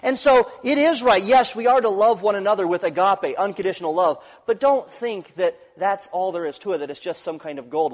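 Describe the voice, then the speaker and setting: Preacher with swinging dynamics in reverberant hall. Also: male voice, high voice, expressive, fast talker, few pauses. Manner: dynamic preaching, swinging from loud rises to quiet drops. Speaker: pastor. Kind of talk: sermon. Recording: long reverb of a large hall.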